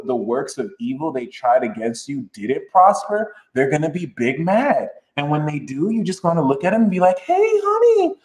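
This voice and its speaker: Animated man hosting a live astrology stream. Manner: animated, jumps into high sassy mock voices. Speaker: astrology livestream host. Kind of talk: casual livestream chat. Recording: roomy echo.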